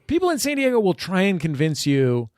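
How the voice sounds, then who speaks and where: A man on a podcast as a guest, chatting casually and telling animated stories with bursts of laughter at a studio table. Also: high-pitched, fairly quick, no echo. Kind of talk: casual chat.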